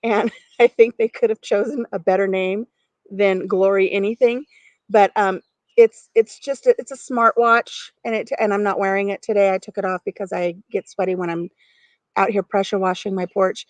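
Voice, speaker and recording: Middle-aged woman chatting w viewers on a live stream outside on her porch, giggly, average pitch. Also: fairly even intonation, moderate pace, darkish tone, no room sound. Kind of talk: casual live-stream chat. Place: outdoors on a farm porch.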